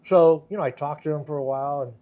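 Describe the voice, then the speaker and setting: An older man, a guitarist, telling anecdotes in a relaxed interview, laughing often and acting out the voices of the people in his stories. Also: on the high side, fast talker. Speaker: guest guitarist. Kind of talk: casual storytelling interview.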